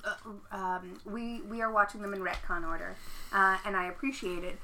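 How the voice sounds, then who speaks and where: A woman's voice: medium pitch, fairly even intonation, normal speed, bright, forceful tone, a little hiss or hum, poor audio. A woman co-hosting a podcast, telling a story in a rambling, laughing way with many fillers. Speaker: podcast co-host. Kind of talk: casual chat.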